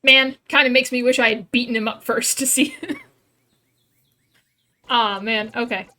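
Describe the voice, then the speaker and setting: A woman's voice: fairly high pitch, steady tone, a little slow, pushed and bright. A woman streaming a game live, reacting dramatically and laughing as she reads the game text aloud.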